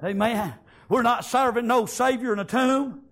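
A man preaching a fiery revival sermon in a church, punctuating nearly every line with "amen" and shouted praise. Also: extremely high pitch, normal speed.

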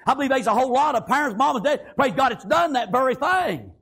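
A preacher, a man, delivering a fervent sermon. His voice sits very high for a man, with a gravelly rasp, and he keeps punctuating his lines with amens. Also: expressive, fast, a bit bright.

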